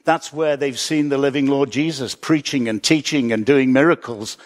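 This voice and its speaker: A man's voice: mid-range voice, steady tone, moderate pace. A man, a pastor, preaching a sermon in an earnest, reflective way, with small chuckles and self-corrections. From Britain.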